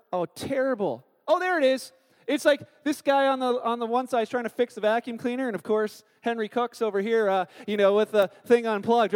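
A man in his thirties preaching a sermon as a pastor, telling stories with animated acted-out quotes. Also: extremely high pitch. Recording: long hall reverb.

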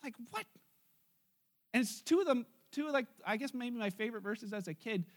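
A man's voice: very high-pitched, expressive, fast talker. A man preaching a sermon in church, retelling a Bible story in a casual, joking way to his congregation. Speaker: pastor.

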